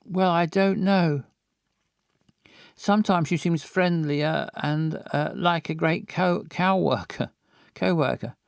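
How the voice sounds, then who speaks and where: A man's voice: on the high side, slow, creaky, clear, resonant tone, no echo, studio quality. A man voicing a friendly young woman who works as a waitress. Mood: uneasy.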